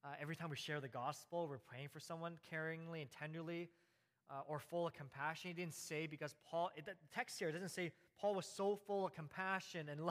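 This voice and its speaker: A man's voice: fairly high pitch, fairly bright tone. A man preaching a conversational sermon, laughing lightly and repeating words for emphasis. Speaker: pastor. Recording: hall reverb.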